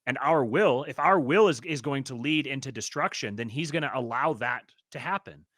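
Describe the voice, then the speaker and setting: A man's voice: mid-range voice, normal speed, a bit bright, no room sound, clean studio sound. A man hosting a podcast, talking in an earnest, reflective way. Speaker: podcast host. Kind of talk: casual theological discussion.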